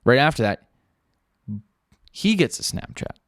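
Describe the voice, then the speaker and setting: A man's voice: medium pitch, unhurried, no room sound, studio quality. A young man hosting a podcast, telling a story in casual, rambling talk full of fillers and swearing. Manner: loose, rambling, lots of fillers and profanity; acts out quoted people in a flat offhand voice. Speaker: podcast host.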